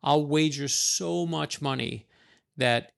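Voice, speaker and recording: A middle-aged man from New York, an author guest, telling stories in a quick, animated way and acting out the voices of people he quotes. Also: fairly high pitch, creaky. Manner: animated, fast-talking storyteller, acts out quoted lines. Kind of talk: conversational storytelling.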